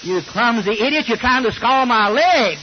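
A man's voice: very high-pitched, lively intonation, moderate pace, shouting, voice pushed up. A man voicing a short-tempered, grouchy old husband who screams and rants. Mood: furious. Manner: screaming, ranting. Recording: slightly muffled recording with faint hiss.

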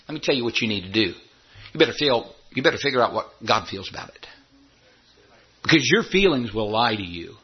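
Man, pastor, sermon, husky voice, wildly swinging pitch, dull lo-fi recording. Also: sing-song, brisk. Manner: emphatic preaching, rising high when voicing doubters.

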